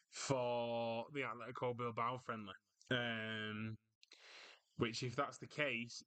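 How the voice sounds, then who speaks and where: Male livestream host, bright and crisp tone, casual rambling chat with viewers. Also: mid-range voice. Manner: chatty, reads out viewer comments and answers them.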